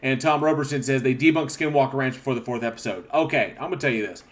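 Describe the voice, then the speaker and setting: A man's voice: mid-range voice, fast. A man hosting a casual livestream, rambling with restarts as he reads viewer comments aloud and answers them. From northern Oklahoma. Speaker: livestream host.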